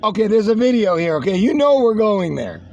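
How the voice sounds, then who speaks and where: Host, male, high gravelly voice, rambling and profane, casual commentary. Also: very animated, brisk, darkish tone, dull audio, slight background noise. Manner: rambling, joking and swearing. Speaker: show host.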